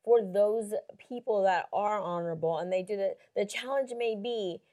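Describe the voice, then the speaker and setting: A woman's voice: medium pitch, normal speed, mellow. A woman in casual chat, telling a story with animation, often laughing and saying "you know.".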